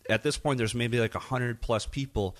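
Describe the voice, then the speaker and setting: A man's voice: mid-range voice, moderate pace. A middle-aged man telling a long story in casual podcast chat, swearing freely and acting out what everyone said. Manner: profane, animated, acts out quoted dialogue. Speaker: podcast guest, DJ.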